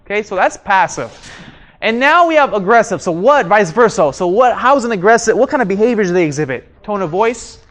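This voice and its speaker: A man's voice: high voice, expressive, fairly quick, a bit bright. A man leading a communication workshop, asking the room questions and repeating his key points. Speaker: communication trainer. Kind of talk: live workshop instruction. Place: training room with audience.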